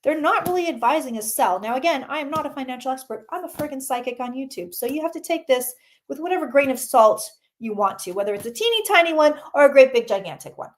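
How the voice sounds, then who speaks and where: A woman with a high, bright-sitting voice reads tarot cards live for her viewers. She talks casually and excitably, swears a little, and keeps breaking off to greet people in the chat. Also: fast talker. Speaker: psychic reading tarot on a livestream.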